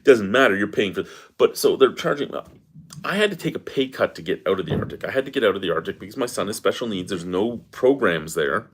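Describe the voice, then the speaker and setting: A man's voice: on the low side, lively intonation, fast, husky. A middle-aged man in an angry personal rant, swearing and exasperated as he vents. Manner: profane, exasperated, venting. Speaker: beer review vlogger.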